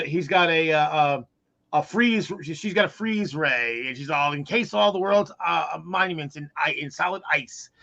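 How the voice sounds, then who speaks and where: A man with a high voice tells a long, rambling story in a casual group chat. He restarts often and leans on fillers. The sound is dull and lo-fi. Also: bright, forceful tone.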